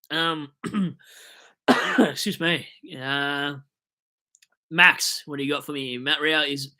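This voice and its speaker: A man's voice: medium pitch, pushed and bright. A young Australian man hosting a fantasy football live stream, rambling and joking as he answers chat comments, with hiccups.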